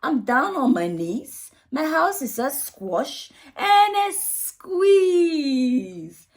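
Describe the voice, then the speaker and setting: A woman's voice: sits high, sing-song, very slow, voice pushed up, full character voice. A woman reading as an exasperated old lady. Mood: pleading. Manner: exclaiming, pleading. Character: fed-up old woman in a crowded house. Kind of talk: storybook read-aloud.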